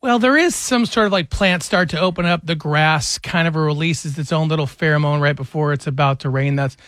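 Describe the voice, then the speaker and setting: A man co-hosting a morning radio show, chatty and quick with asides. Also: a little high, fairly bright tone, no room sound, clean studio sound.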